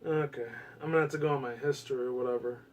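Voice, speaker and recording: A man giving casual gaming commentary in a rambling way, swearing often and breaking into excited bursts, with a US West Coast accent. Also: mid-range voice, racing, distant mic, slight background noise.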